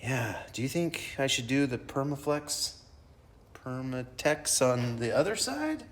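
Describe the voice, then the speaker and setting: A man's voice: mid-range voice, sing-song, measured pace. A middle-aged man chatting casually while working in his home garage, joking and poking fun at himself. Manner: joking, self-mocking, rambling. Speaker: hobby mechanic host.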